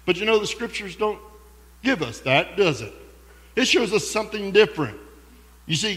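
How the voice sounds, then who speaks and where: A man preaching a sermon as pastor in a church sanctuary, earnest and heartfelt, with slow emphatic pauses. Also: high voice, a bit bright. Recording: long echoey hall.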